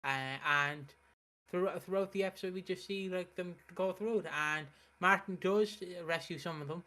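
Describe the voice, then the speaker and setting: A man's voice: high voice, moderate pace, pushed and bright. A young man hosting a casual chat, recapping soap opera plot with lots of fillers and restarts. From United Kingdom. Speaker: soap opera reaction host.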